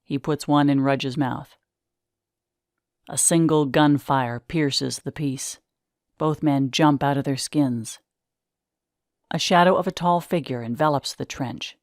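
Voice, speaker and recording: A woman narrating the stage directions of a script reading in a measured way. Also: deep voice, no room sound, studio quality.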